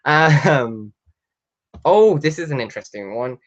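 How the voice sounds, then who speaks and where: A young man hosting a casual live book chat from home, chatty and excitable, swearing freely and squealing with delight. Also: medium pitch, moderate pace. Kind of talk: casual livestream chat, reading out viewer questions. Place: at home, sitting in a chair.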